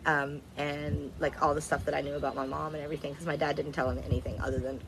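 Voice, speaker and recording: A woman's voice: low-pitched, flat delivery, fast, background noise. A woman casually telling a personal story, blunt and candid, swearing freely and rambling. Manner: rambling, repeats herself.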